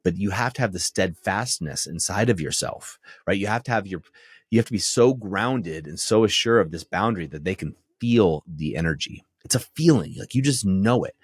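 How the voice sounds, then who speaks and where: A low, husky man coaching his listeners straight into the mic. His tone is direct and firm, and his pitch moves around a lot as he makes his points. The recording is dry and close, with no room sound. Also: lively intonation, normal speed, dry recording. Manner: direct and firm, often checks in with "right?". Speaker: podcast host and men's relationship coach. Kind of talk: coaching monologue.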